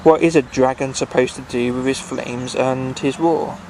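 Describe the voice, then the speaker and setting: A sorry, plaintive male dragon from a bedtime storybook, as a man reading aloud puts him on. His voice has a gravelly, rough edge, and his speech sounds apologetic and a little sulky. The pitch sits at a mid level. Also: steady tone, normal speed, a little mellow, slight background noise, lightly acted.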